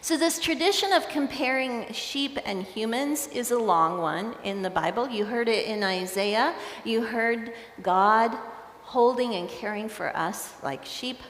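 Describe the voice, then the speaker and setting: A woman's voice: a little high, unhurried, fairly bright tone. Woman preaching in an echoey church. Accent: American. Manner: conversational, storytelling, playful with the congregation. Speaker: pastor. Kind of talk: sermon. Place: large church sanctuary. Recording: echoey church with long reverb.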